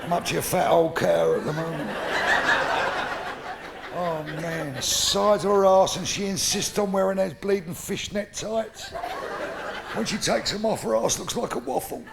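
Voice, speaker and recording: A man's voice: high voice, moderate pace, creaky. A middle-aged man with a London Cockney accent doing live stand-up, brash and crude, swearing freely and acting out both sides of his stories. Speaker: stand-up comedian. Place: stage in front of a live audience. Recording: noisy live stage recording.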